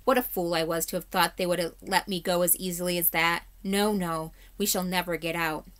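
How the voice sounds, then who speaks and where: A woman reading as a terror-struck stranger yelling wildly. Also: fairly low pitch, steady tone, brisk, natural voice. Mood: despairing. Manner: wild, yelling despair. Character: stranger, a man broken by terror.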